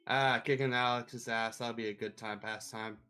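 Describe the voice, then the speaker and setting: A man's voice: mid-range voice, steady tone, moderate pace, music in the background. A man playing a tabletop game who makes wry remarks. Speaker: player.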